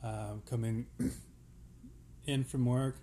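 Slow, halting podcast co-host. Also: medium pitch, warm tone, a little hiss or hum. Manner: halting, many fillers and restarts, unhurried. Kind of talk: casual chat.

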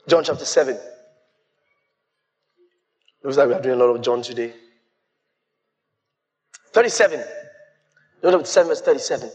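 A man preaching a sermon as pastor, quoting scripture and breaking into shouts. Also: medium pitch, moderate pace, pauses often.

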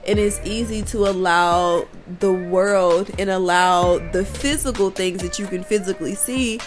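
A woman's voice: mid-range voice, measured pace, faint music behind. A woman vlogger talking candidly to her viewers, her voice worn from recent crying, confiding and laughing through her frustration. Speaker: spiritual vlogger. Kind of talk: candid casual monologue to viewers.

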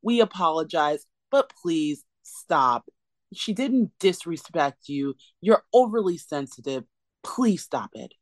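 A woman's voice: deep voice, big pitch swings, slow pace, no room sound. A woman co-hosting a podcast, ranting sarcastically and emphatically in a casual recap chat. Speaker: podcast co-host.

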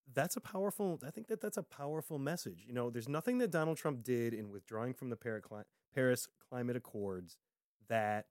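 On a dry, clean studio recording, a podcast co-host with a mid-range, darkish voice talks politics casually. His conversation drifts into fillers before quickening whenever he drives a point home.

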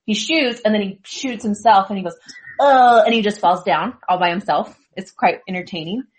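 A woman talking casually among friends, her voice sitting at an ordinary middle pitch. She rambles along with frequent ums and easy restarts. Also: brisk. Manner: chatty, rambling with fillers. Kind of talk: casual group chat.

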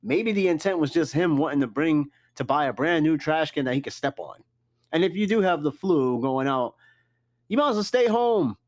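A man hosting a casual solo podcast, talking in a fairly high, lively voice that jumps up and down as he reacts. He reads items from a list and riffs on them with blunt, cussing jokes. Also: normal speed. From New York. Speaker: podcast host.

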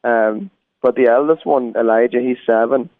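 A man's voice: mid-range voice, moderate pace, dry recording. Earnest Irish man on a phone line. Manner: earnest, preacherly. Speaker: guest musician. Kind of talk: phone interview.

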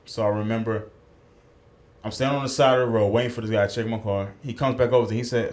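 A man's voice: mid-range voice, fairly even intonation, fast talker, darkish tone. A man co-hosting a podcast, telling a story in casual chat, acting out the quotes and swearing freely, at a studio mic. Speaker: podcast co-host.

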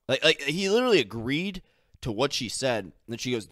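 A man's voice: mid-range voice, expressive, a little fast, fairly bright tone, dry recording, studio quality. A young man hosting a solo podcast, rambling casually with lots of fillers and the odd curse. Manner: casual, filler-heavy, swearing, mimics others. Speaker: podcast host.

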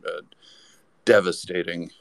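Very deep-voiced man telling a story. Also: steady tone, takes it slowly, creaky, no echo. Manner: rambling anecdote full of restarts. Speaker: podcast guest. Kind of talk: casual storytelling.

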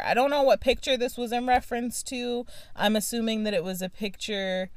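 A woman's voice: fairly high pitch, expressive, normal speed, smooth, no room sound. Chatty young woman, close dry mic. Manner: chatty, gossipy, fillers and restarts. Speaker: podcast co-host. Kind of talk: casual chat.

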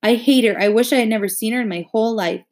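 A man's voice: high voice, fast. A woman reading the lines of a grieving ten-year-old boy in a read-aloud novel, in her own plain reading voice. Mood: distraught.

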